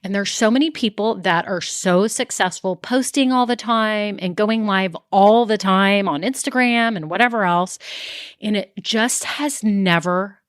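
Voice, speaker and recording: A middle-aged woman hosting a casual solo podcast as a business coach, chatty and acting out her own thoughts in quick asides. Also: mid-range voice, clear, resonant tone, no echo, studio quality.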